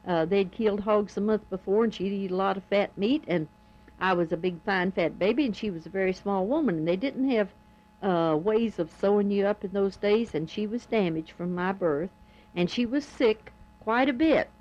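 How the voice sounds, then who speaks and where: An older woman with a drawl tells old family stories from memory. She speaks in a plain, homespun way, pausing often and filling the gaps with "uh." Her voice sits at an ordinary middle pitch on a dull, lo-fi tape. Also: a little mellow. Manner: plain, homespun storytelling with many pauses and "uh"s. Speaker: oral history narrator.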